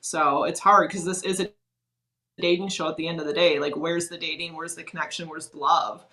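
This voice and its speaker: A woman's voice: low voice, steady tone, a little fast, sharp tone, poor audio. A woman talking as a guest on a podcast, a former reality-show contestant speaking frankly in a chatty, casual way, with a lot of "like".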